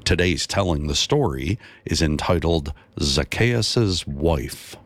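Deep-voiced man narrating a Bible story. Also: slightly rough, no echo. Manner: measured, steady storytelling. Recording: dry, close voice.

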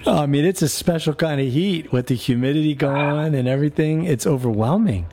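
A man who is a priest hosting a call-in radio show, chatting casually with callers in a relaxed way, with frequent fillers and restarts. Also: a little high, fairly quick.

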